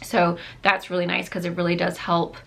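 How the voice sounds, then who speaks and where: A chatty young woman talking through her favorite makeup in a relaxed, gushing way. She fills her sentences with "like" and "um", and her voice sounds a bit worn from losing it. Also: lowish voice, moderate pace, vocal fry. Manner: chatty, gushing, many fillers like "like" and "um". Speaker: beauty vlogger. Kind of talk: casual makeup review chat.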